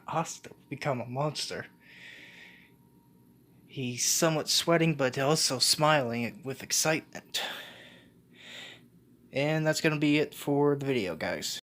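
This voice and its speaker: A man's voice: on the high side, unhurried, long pauses, a bit bright. A man casually retelling a fan-made story off the cuff, full of restarts and self-corrections. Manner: casual, slangy.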